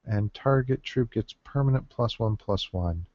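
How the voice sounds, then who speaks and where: Drafting cards, this gameplay commentator muses aloud in a casual deck-building commentary, full of fillers and quiet counting under his breath. He has a fairly low, slightly mellow voice and a measured pace. The mic is dull, lo-fi, and dry.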